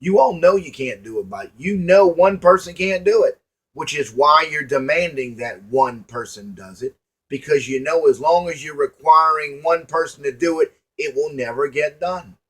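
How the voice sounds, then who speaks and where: An expressive man with a fairly high, slightly bright voice talks at a moderate pace as an online commentator. He preaches motivation to his viewers in a folksy, emphatic style, repeating lines and asking rhetorical questions.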